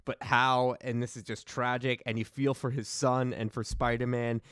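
A man's voice: medium pitch, flat delivery, moderate pace, dry recording. Emphatic man co-host, dry sound. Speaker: podcast co-host. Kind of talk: casual chat.

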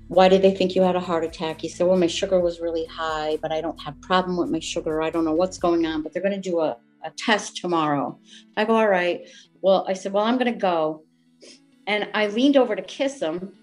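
A woman guest telling a personal family story in an interview, heartfelt and halting, with many fillers and restarts. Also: lowish voice, a little mellow.

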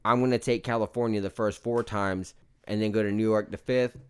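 A man's voice: on the low side, fairly even intonation, a little fast, clear, resonant tone. A man co-hosting a casual movie review podcast, talking in a loose, profane, enthusiastic way. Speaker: podcast co-host.

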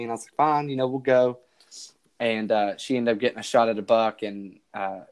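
A man's voice: fairly low pitch, darkish tone. Rambling man telling a hunting story. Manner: rambling, many restarts and quoted dialogue. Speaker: podcast host. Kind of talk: casual storytelling chat.

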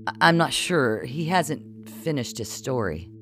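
A man's voice: mid-range voice, very animated, measured pace, a bit bright, faint music behind. Gloria, a man voicing a tipsy pleading woman. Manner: hesitant, defensive. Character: tipsy, pleading middle-aged woman in love. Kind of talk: audiobook character voice.

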